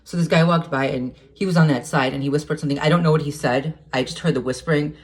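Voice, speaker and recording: A man's voice: fairly high pitch, steady tone, quick pace. A man talking to camera in a casual monologue, agitated and hesitant, stumbling over restarts and repeated words and swearing heatedly. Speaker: vlogger.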